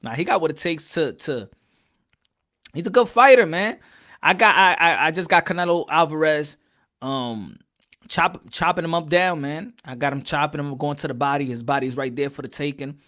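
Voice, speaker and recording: High, bright-voiced hyped boxing host. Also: male voice, moderate pace. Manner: hyped, loud, repeats phrases. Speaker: podcast host. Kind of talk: casual live-stream boxing chat.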